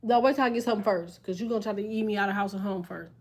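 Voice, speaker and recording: A woman's voice: mid-range voice, racing. A woman reading tarot who reacts to viewer comments in casual live-stream chat. She swears freely, jokes, and laughs often. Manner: profane, laughs often, jokey banter.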